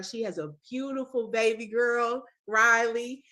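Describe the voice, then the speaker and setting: Bright-voiced woman hosting a video call. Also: a little high, expressive, moderate pace. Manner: emotional, warm praise, repeats "when I tell you". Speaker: host, former teacher. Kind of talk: casual video-call chat.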